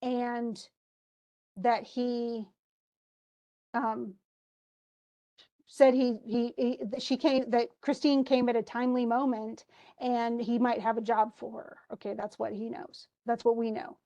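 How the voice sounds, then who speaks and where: In a muffled recording, a woman teacher retells a play scene in a fairly high, mellow voice, delivering it flatly and slowly with long pauses. Between her own explanations and restarts, she reads out the characters' lines with asides.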